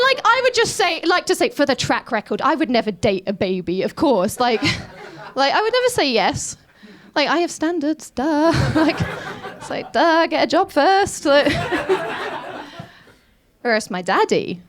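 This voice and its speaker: Woman stand-up comic, high voice, lively swoops, giggly delivery. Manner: giggly, animated, laughs through her lines. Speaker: stand-up comedian. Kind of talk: stand-up comedy set.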